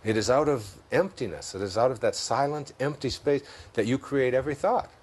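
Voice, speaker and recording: This self-help author, interviewed as a guest, has a Detroit accent and a medium-pitched, darkish voice that moves a little fast. His conversational talk is reflective and full of stories, broken up by frequent laughter.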